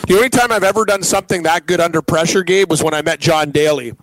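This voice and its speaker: A man's voice: on the high side, fast talker, fairly bright tone, a little hiss or hum, rough recording. A man co-hosting a casual sports talk show, reacting with enthusiasm and telling his own story. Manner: enthusiastic reactions, easily moved. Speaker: sports radio co-host.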